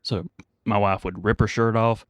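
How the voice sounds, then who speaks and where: This man co-hosts a podcast, and his fairly low voice holds a steady tone at a moderate pace with no room sound. Congested from a cold, he chats casually, telling rambling family stories and laughing at his own jokes.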